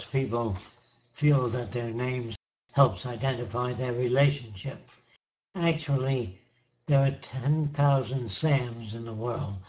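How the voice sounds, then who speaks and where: An older man answering questions in an online seminar, explaining his ideas slowly and emphatically, with plenty of examples. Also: medium pitch, low-quality recording. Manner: slow, emphatic, repeats points with examples.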